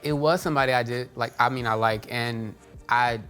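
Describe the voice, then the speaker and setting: A man's voice: medium pitch, fairly quick, faint music behind. A man from Houston, a guest author chatting casually and bluntly on a comedy talk show. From Houston, Texas. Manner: animated, candid and playfully blunt.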